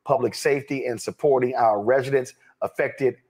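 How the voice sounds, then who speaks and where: A man's voice: normal speed, darkish tone. A man in a played clip giving impassioned political commentary, growing indignant and preachy as he speaks. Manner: indignant, rising to a preachy pitch.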